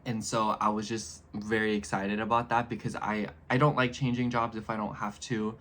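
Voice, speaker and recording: A man in his twenties chatting casually in a vlog, rambling and animated as he speaks straight to his viewers. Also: lowish voice, normal speed. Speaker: astrology YouTuber.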